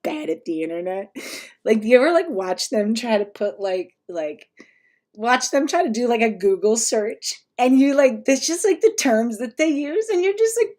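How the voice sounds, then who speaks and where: Woman, slightly high voice, casual vlog, rambling, filler-heavy, swears and laughs, talking at her home computer. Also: a little mellow. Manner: chatty and loose, with many fillers, swearing and laughs. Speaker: vlogger. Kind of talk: casual rambling talk to camera.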